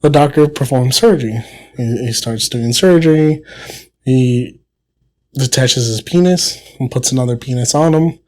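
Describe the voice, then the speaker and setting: A man co-hosting a podcast, telling a long joke in a casual way and clearing his throat often. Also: medium pitch, moderate pace, darkish tone. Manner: storytelling with voiced characters, frequent throat clearing. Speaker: podcast co-host.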